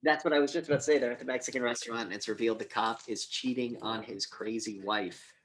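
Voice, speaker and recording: Man, podcast co-host, casual chat, animated retelling, swears freely. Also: mid-range voice, fast. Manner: animated retelling, acts out scenes with quoted lines and swearing. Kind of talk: casual movie review chat.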